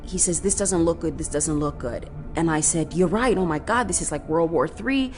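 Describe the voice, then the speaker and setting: A woman's voice: deep voice, moderate pace. A woman giving documentary interview testimony, retelling a phone call with emotion and quoted speech. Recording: music bed under the voice.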